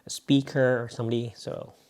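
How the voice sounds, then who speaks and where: In a brisk, medium-pitched voice that is level and darkish, a Filipino vlogger with a Bisaya accent tries out microphones in a room. The chat is casual, unscripted and filler-heavy, with echo and mic changes throughout.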